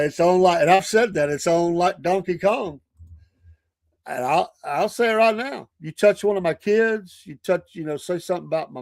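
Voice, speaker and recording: A man, a podcast host and preacher, telling stories in a casual, animated way, often breaking into laughter. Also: high-pitched, no echo. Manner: animated, laughing often, acting out quoted people.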